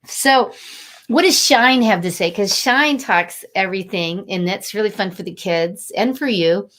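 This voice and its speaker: A middle-aged woman talking warmly and a little rambling as she encourages viewers during a live motivational stream. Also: medium pitch, a little slow. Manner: warm, encouraging, rambling and conversational. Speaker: angel card reader and inspirational host.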